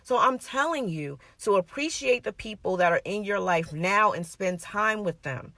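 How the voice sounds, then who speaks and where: A woman's voice: mid-range voice, lively intonation, normal speed, sharp tone, dry recording. A woman giving an earnest, conversational sermon, emphatic and personal, repeating her points. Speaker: minister.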